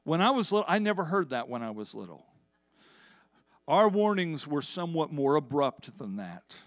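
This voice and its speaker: A man's voice: on the high side, very animated, moderate pace, dry recording. A man preaching a sermon as pastor at a church service, in an impassioned, emphatic manner.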